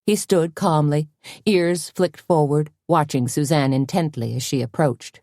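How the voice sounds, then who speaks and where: Casting: woman audiobook narrator, deep and warm, steady measured delivery. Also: dry recording, clean studio sound. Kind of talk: scripted narration.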